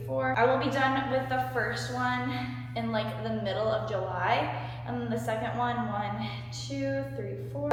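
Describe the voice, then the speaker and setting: A woman's voice: on the high side, fairly bright tone. A woman vlogging after a home workout, chatty and upbeat, still out of breath, talking straight to her viewers. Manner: upbeat, chatty, says "you guys" and "like" a lot. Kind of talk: casual vlog chat. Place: home workout space, indoors. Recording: very echoey room with light music.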